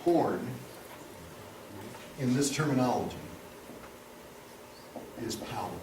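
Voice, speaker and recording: A man's voice: medium pitch, slow pace. A man teaching a church Bible class, mixing scripture reading with funny personal stories. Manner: animated, humorous storyteller. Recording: echoey room, distant mic, background noise.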